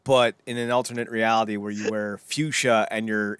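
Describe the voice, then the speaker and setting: A man's voice: on the low side, level tone, normal speed, a bit bright, smooth, no room sound. A man co-hosting a podcast, rambling in casual banter and slipping into silly impressions. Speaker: podcast co-host.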